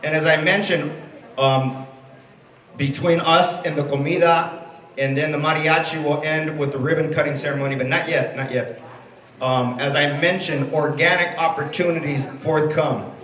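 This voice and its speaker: Brief: male emcee, smooth introductions, reverberant room, far from the mic. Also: fairly high pitch, fairly even intonation, normal speed. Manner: warm introductions with Spanish words mixed in. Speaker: master of ceremonies. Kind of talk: emceeing a ceremony. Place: event space at a college.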